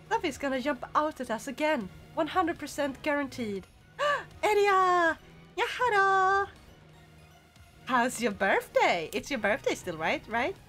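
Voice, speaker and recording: A woman's voice: sits high, lively intonation, moderate pace, fairly bright tone, soft background music. A woman streaming a video game, chatting casually with her viewers and giggling often. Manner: giggly and chatty, reacting to chat. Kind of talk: casual livestream chat while playing.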